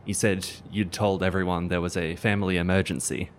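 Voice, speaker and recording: A man with an Australian accent playing a worried mother who probes gently with soft, halting words. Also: low voice, level tone, a little hiss or hum, close to an everyday voice. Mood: concerned. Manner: soft, measured, hesitant restarts. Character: worried middle-aged mother, gently probing.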